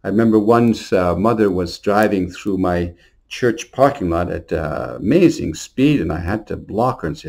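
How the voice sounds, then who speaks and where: Earnest priest with a low voice. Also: male voice, normal speed, vocal fry, darkish tone. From Montreal. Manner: earnest, storytelling, repeats words. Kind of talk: short New Year homily.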